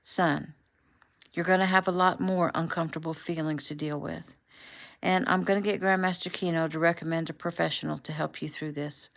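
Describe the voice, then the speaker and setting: A woman reading the lines of a caring father who gently consoles his son. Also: low voice, creaky. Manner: gentle, reassuring.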